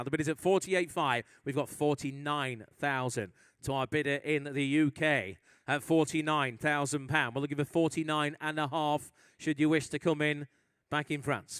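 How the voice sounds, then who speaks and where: A man from England runs a live auction, calling bids with brisk rhythm and teasing asides. His voice is higher than most men's, smooth and clear, and it sits close and dry with almost no room sound. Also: a bit bright, no room sound. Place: auction hall at a live sale.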